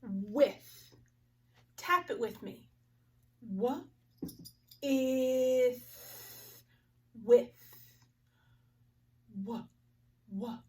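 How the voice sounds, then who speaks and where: A woman teaching a phonics lesson to young children, slowly sounding out each word with clear articulation. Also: a little high, recorded from a distance.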